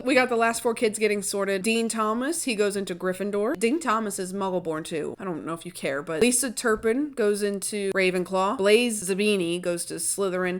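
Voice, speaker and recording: A young adult woman, hosting a casual book breakdown with joking asides. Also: mid-range voice. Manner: animated, joking, chatty asides. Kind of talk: casual chat retelling a book.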